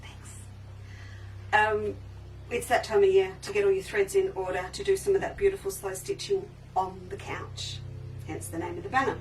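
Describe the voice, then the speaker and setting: A woman's voice: mid-range voice, sing-song, a little fast, a little mellow, soft background music. A woman hosting a casual live sale from her sewing shop, chatty and enthusiastic, often trailing off and restarting sentences. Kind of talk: casual live-stream sales chat. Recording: slightly distant mic with faint background noise.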